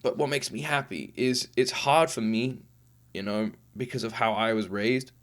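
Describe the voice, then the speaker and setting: A man's voice: medium pitch, normal speed, fairly bright tone. A man in his thirties hosting a reaction video, talking in an earnest, heartfelt, rambling way with restarts, tearful after crying. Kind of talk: casual emotional monologue.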